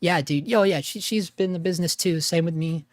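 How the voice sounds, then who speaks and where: A man hosting a casual livestream, rambling with restarts and dropping "man" and "dude", his voice gravelly after an illness. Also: on the high side, fairly quick, dry recording. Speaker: livestream host and freelance videographer.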